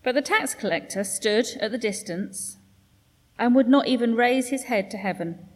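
A woman reading scripture aloud in a measured, formal way during a church service. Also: on the high side, darkish tone. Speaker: scripture reader. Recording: long church reverb.

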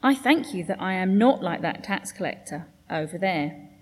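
A woman reading scripture aloud in a measured, formal way during a church service. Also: fairly low pitch, animated. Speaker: scripture reader. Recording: long church reverb.

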